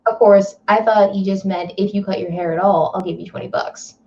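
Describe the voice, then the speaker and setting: A woman's voice: mid-range voice, fairly even intonation, dark tone, slight background noise. Giggly teasing woman on a stream. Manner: giggly, teasing, quick banter. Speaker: co-host. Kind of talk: casual stream chat. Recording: slightly dull lo-fi audio.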